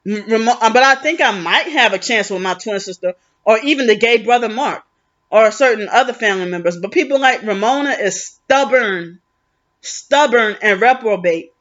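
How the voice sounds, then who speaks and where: A woman's voice: a little high, lively intonation, normal speed, a bit bright, dull audio. A woman venting in a rambling, aggrieved vlog monologue, often restarting her sentences. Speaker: vlogger.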